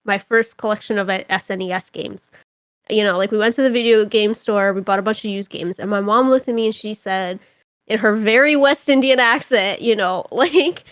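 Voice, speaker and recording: A young woman from Toronto, a podcast guest telling stories in casual chat, animated and rambling, with constant filler words. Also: mid-range voice, normal speed, no echo. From Toronto, Canada.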